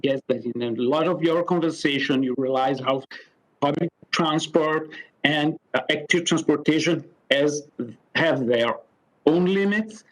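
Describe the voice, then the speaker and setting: A man speaking English as a second language, giving a halting statement as a delegate on a remote video call to a council committee, with many fillers and restarts. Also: on the high side, poor audio. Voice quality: non-native English speaker.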